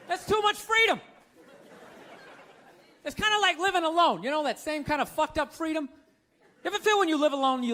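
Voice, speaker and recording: Man, stand-up comic, profane, ranting, sharp bright tone, live club recording with faint noise. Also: extremely high pitch. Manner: profane, ranting, incredulous, shouting punchlines. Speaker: stand-up comedian. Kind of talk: stand-up comedy set. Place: comedy club stage with audience. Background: audience laughter.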